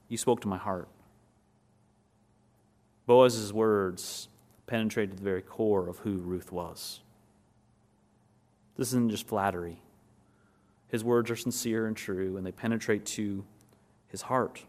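A man preaching a sermon and teaching from a text. He asks the listeners questions, then answers them, and slows down and softens on key words. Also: on the low side. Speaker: pastor.

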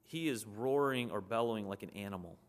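Male preacher, low-pitched, earnest conversational sermon delivery. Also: a little fast.

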